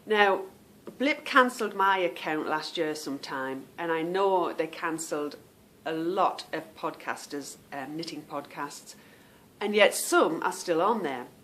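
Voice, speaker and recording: A woman's voice: deep voice, expressive, a little slow, a bit bright, slight background noise. A woman hosting a knitting podcast, chatting casually to viewers, rambling off on tangents and stumbling over unfamiliar names.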